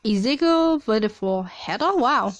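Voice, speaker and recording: A young woman chatting casually as she reads out results from a simulation game, with frequent excited exclamations. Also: on the high side, unhurried, a little hiss or hum. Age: young adult. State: coughing at times. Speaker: player reading a simulator. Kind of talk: casual play-along commentary.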